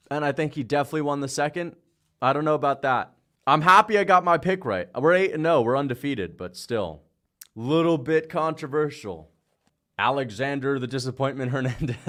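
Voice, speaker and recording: A young man streaming live, calling fight picks with hyped, shouting bursts, swearing and playful trash talk. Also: medium pitch. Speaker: livestreamer making fight picks. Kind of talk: excited livestream reaction commentary.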